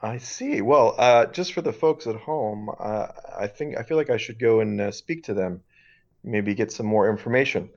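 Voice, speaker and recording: A man playing a hesitant male field reporter who talks in halting bits with many "uh"s. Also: fairly low pitch, a little mellow, dull audio, lightly acted. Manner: halting, full of "uh" and restarts.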